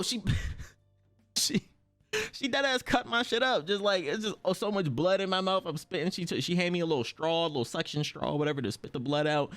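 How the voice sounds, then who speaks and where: A young man streamer, telling a story casually, swearing freely and jumping his pitch high when he acts out quotes. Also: fairly bright tone.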